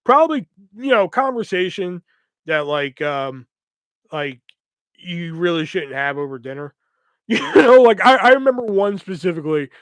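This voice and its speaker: A man's voice: sits high, a bit bright, no room sound. A man hosting a podcast, telling a rambling story in casual chat, swearing constantly and full of fillers. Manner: rambling, profane, lots of fillers. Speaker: podcast host.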